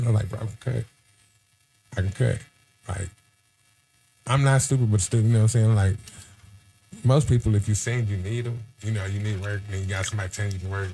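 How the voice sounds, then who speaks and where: A man from Texas, chatting casually on a podcast and telling animated stories with acted-out quotes. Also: fairly low pitch, a little hiss or hum.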